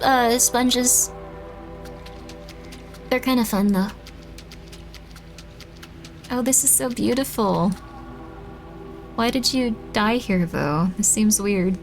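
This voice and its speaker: A woman's voice: fairly high pitch, measured pace, long pauses, soft background music. Rambling young woman streamer. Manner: rambling, self-deprecating, bursts into panicked shrieks. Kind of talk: casual gameplay commentary.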